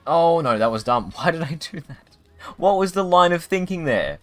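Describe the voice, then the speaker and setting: A man's voice: a little high, animated, normal speed, no room sound, faint music behind. A man streaming a video game live, chatting casually in a rambling way with many restarts. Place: home streaming setup.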